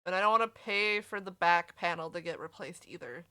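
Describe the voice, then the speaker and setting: A woman's voice: on the low side, a little fast, sharp tone, clean tone. A woman streaming a game, chatting casually with her viewers and swearing freely. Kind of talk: casual live-stream chat.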